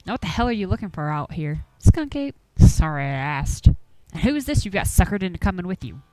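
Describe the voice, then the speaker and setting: A woman's voice: fairly low pitch, very animated, fairly quick, dark tone, dry recording, poor audio. A woman voicing a stubborn old rural man from the Appalachian hills, with a folksy drawl, grumbling and scolding. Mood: gruff. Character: gruff old rural man, stubborn chicken farmer and hunter.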